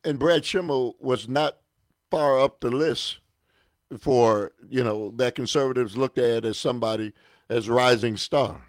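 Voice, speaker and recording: A man's voice: mid-range voice, measured pace, dry recording. A man joining a talk radio show as a guest, conversational and dismissive, often saying "man".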